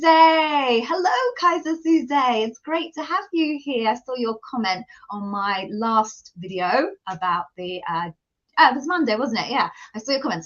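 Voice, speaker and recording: A woman's voice: a little high, sharp tone, lo-fi sound. A middle-aged British woman hosting a live Q&A stream, chatting with viewers by name and then introducing herself. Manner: chatty, greets viewers by name, self-deprecating. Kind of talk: casual live-stream chat and self-introduction.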